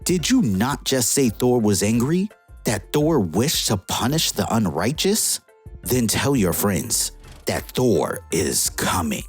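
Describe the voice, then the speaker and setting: A woman's voice: a bass voice, sing-song, slow, darkish tone, husky, soft background music, exaggerated voice. A woman voicing a powerless exiled god, a grown man who speaks in a stiff, formal way. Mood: cold threat.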